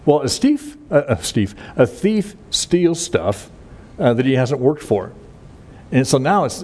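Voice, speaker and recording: A man's voice: mid-range voice, darkish tone. A man teaching through a Bible passage verse by verse in a plain conversational way, with frequent fillers and restarts.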